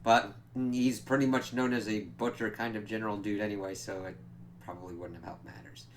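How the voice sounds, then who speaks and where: A man's voice: lowish voice, fairly even intonation, a little fast, slight background noise. A man giving a casual, rambling spoken review of a TV episode, with loose asides and frequent fillers.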